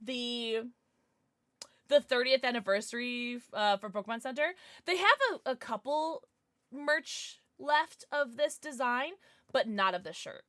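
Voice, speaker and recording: A woman's voice: on the high side, a little slow, fairly bright tone, dry recording, clean studio sound. A young woman live-streaming, chatting casually and bubbly as she reads her chat aloud, gasping and laughing often.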